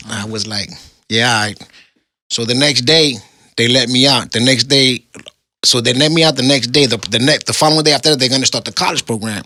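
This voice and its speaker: A man's voice: medium pitch, bright, forceful tone, no room sound. A middle-aged man, telling the story of his time in prison in casual street slang. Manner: street slang, laid-back storytelling, rapid.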